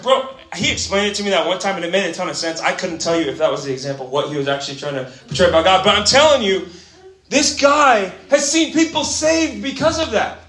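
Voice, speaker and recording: Energetic and animated, a young man with a high voice gives a casual sermon that echoes through a church gathering hall. One moment he's murmuring an aside, the next he's shouting, and he keeps calling listeners "bro" and "man."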